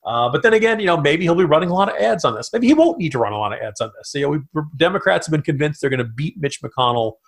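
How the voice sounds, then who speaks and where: A man co-hosting a political podcast, chatting animatedly in quick bursts with asides. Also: on the high side, expressive, gravelly. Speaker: podcast co-host. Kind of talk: political commentary chat.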